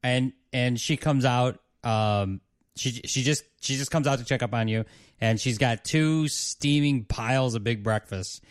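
A man narrating a tabletop game as game master, halting with fillers. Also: medium pitch, clean tone, no room sound, studio quality.

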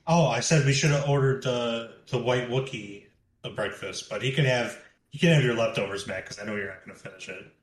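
A man's voice: mid-range voice, brisk, reverberant. A man playing a tabletop game, joking casually. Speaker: player.

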